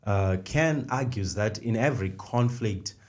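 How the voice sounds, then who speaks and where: A man's voice: lowish voice, unhurried, a little mellow. A middle-aged man co-hosting a faith podcast, explaining ideas step by step and repeating the key phrases. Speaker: podcast co-host. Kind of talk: conversational faith discussion.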